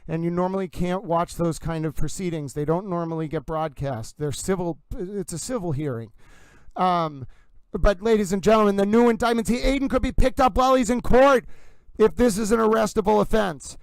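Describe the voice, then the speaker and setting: An excitable man hosts a live commentary stream, reacting with growing alarm and amusement. His voice sits high for a man and comes across smooth and clear. The recording is dry and close, with no room sound. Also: normal speed, no echo, rough recording. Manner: excited, addresses "ladies and gentlemen" constantly. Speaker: livestream host.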